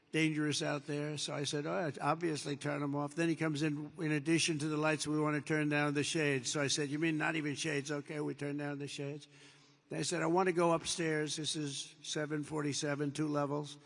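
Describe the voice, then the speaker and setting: An older man giving a rambling speech as president, digressing and repeating himself, acting out bits of dialogue in an anecdote. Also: a little high. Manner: digressive, repetitive, with acted-out quotes. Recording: long reverb of a large hall.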